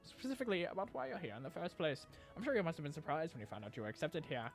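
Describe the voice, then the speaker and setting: A man voicing a kindly older male professor in a game, measured and reassuring. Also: on the high side, huge pitch swings, creaky, soft background music, exaggerated voice.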